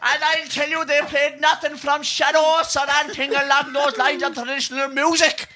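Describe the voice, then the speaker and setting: A man's voice: very high voice, flat delivery, moderate pace, a little hiss or hum, voice pushed up. A man putting on a Kerry accent to play a fiery rural male politician who rants aggressively, a little tipsy. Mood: ranting. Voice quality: loud, aggressive, shouting.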